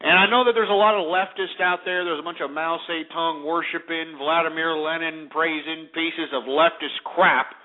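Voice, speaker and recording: A male radio talk show host delivering a profane, ranting monologue in fast bursts. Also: on the high side. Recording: tinny lo-fi radio audio.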